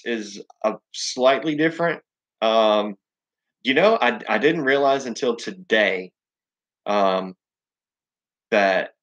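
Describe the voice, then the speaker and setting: A man's voice: medium pitch, fairly bright tone, highs cut off. A man with a Southern US accent hosting a casual live chat, rambling and swearing, full of ums and restarts. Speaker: live stream host.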